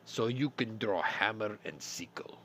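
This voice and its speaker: A man voicing a pushy male Soviet fast-food cashier in broken English, with a bad fake Russian accent. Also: expressive, a little hiss or hum. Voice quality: broken English, high and loud.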